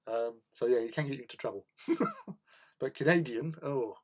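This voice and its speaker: A man's voice: medium pitch, moderate pace, darkish tone. A man hosting a hobby livestream, chatting casually with viewers in a rambling way and laughing often.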